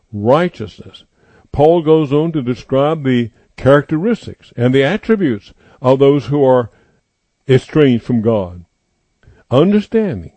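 A male preacher delivering a sermon, repeating his points slowly and with emphasis. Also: mid-range voice, dark tone, no echo. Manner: slow emphatic repetition, declaring.

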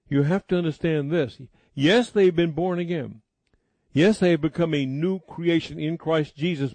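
A man preaching a sermon emphatically, slowing down to stress key words. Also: a little high, darkish tone, no room sound.

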